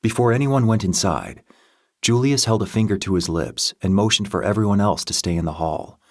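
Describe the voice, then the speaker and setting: A man narrating a first-person dark romance audiobook in a steady, measured reading voice. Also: lowish voice, dry recording, clean studio sound.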